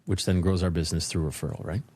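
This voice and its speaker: A man guest on a business podcast, telling a personal story in an animated way and acting out the voices in his head. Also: low voice, fast, breathy edge, no room sound. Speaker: podcast guest, leadership consultant. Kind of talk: interview storytelling.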